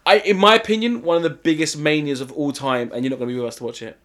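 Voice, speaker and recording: A man in casual podcast chat, excitable and animated, swearing as he tells stories. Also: a little high, rapid-fire. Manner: excitable, animated storyteller, swears, puts on voices in anecdotes. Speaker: podcast co-host.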